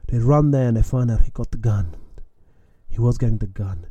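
Young male podcast storyteller from Australia, very dark tone, lively and self-mocking, dry recording. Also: medium pitch, brisk, breathy edge, no room sound, highs cut off. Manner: animated, self-mocking, acts out his own panic; repeats lines and ends phrases with "man". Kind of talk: casual spoken storytelling.

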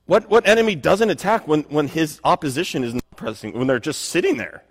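A man's voice: a little high, expressive, fairly quick, breathy edge. A man preaching a sermon in an earnest, conversational way, often restarting his phrases. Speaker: pastor. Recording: long reverb of a hall.

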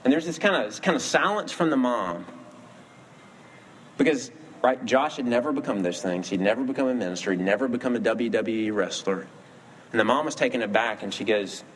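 Male preacher, sermon delivery, earnest storyteller, average pitch, faint background hum. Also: expressive, a little fast. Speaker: pastor.

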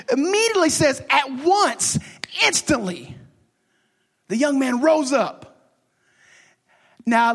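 A pastor preaches a sermon emphatically and repetitively, swinging from loud declarations to hushed, whispered lines. His voice is extremely high-pitched.

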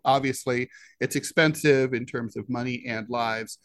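A man co-hosting a political discussion podcast who talks in a halting way, with many "uh" fillers between phrases. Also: mid-range voice, steady tone, dry recording. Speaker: podcast co-host, editorial cartoonist.

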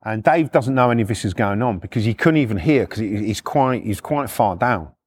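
A man's voice: lowish voice, fairly quick, husky. A middle-aged man, a former repossession agent, telling blunt, sweary stories in a casual way. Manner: blunt, sweary, animated retelling. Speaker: former repo man storyteller. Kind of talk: casual storytelling.

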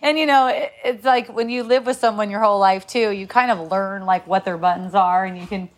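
A woman's voice: mid-range voice, fairly quick. A middle-aged woman telling a story about her sons in a casual chat, laughing often and rambling with many restarts.

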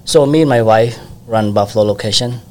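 Relaxed lower-voiced man. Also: fairly quick. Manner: simple non-native English, relaxed and friendly. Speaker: donut shop owner. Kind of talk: casual interview.

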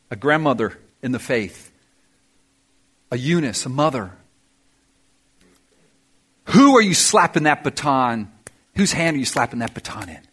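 A man preaching a sermon to his church congregation, energetic and emphatic, with punchy exclamations. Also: on the high side, breathy edge. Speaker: pastor. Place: church service before a congregation.

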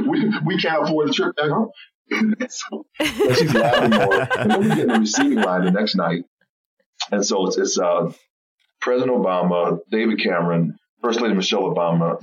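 A man guesting on a podcast, telling a story with animated, laughing delivery. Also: low voice, recorded from a distance, muffled recording. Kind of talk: storytelling interview chat.

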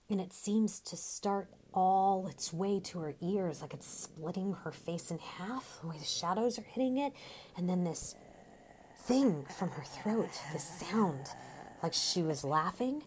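A woman performing a theatrical monologue, telling a story in a conversational, animated way with casual swearing. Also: fairly low pitch, measured pace, slight background noise.

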